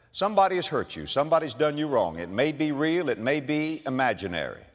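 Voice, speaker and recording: An older man preaching a sermon as pastor, swinging from hushed murmurs to loud emphatic lines. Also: mid-range voice, in a large hall. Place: church sanctuary.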